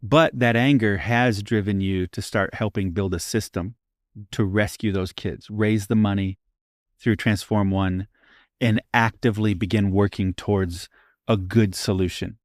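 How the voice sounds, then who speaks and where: A man's voice: on the low side, steady tone, unhurried, no room sound, studio quality. A man co-hosting a faith podcast as a pastor, talking through a question earnestly and often checking in with "right?". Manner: earnest, uses frequent "right?" tags. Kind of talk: casual faith discussion.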